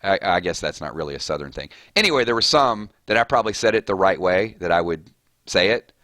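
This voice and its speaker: Male gaming streamer, lowish bright voice, rambling and chatty, dry close sound. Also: expressive, fast, dry recording. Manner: rambling, off on tangents. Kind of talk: casual chat while streaming.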